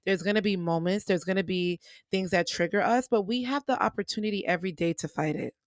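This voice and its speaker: Young woman podcaster, casual pep talk, says y'all a lot, mid pitch, dry close mic. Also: quick pace, dry recording. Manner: animated, chatty, addresses listeners as y'all. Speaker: podcast host.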